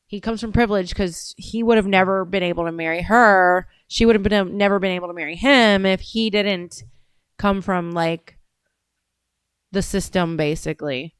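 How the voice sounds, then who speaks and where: A woman's voice: medium pitch, normal speed, clear, resonant tone, dry recording, studio quality. A woman hosting a casual commentary show, rambling with many fillers and restarts as she reacts to a video.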